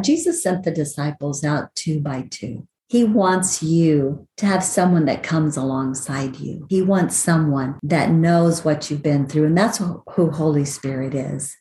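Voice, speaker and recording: A woman's voice: deep voice, warm tone. An older woman hosting a devotional podcast, teaching about Bible verses in an earnest, reflective way. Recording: roomy with faint background noise.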